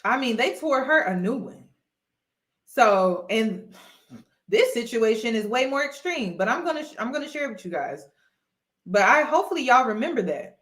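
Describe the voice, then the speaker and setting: Woman vlogger, fairly high voice, echoey room, emphatic, casual commentary. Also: sing-song, normal speed, a bit bright. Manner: emphatic, repeats points, addresses viewers as y'all.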